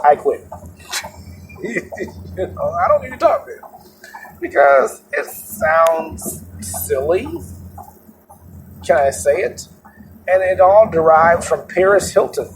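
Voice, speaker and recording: A man's voice: on the high side, animated, takes it slowly, long pauses, rough recording. A man hosting his own show, talking in a loose, rambling monologue, laughing often and restarting his sentences. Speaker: podcast host. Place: moving vehicle. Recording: road noise in a car. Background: road noise.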